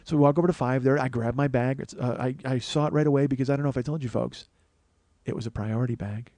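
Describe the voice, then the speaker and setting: Man, comic storytelling monologue, profane rant, rapid delivery, dry sound. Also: medium pitch, fairly even intonation, mellow, no room sound. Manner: profane, ranting, mock-paranoid. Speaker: comedy podcast host.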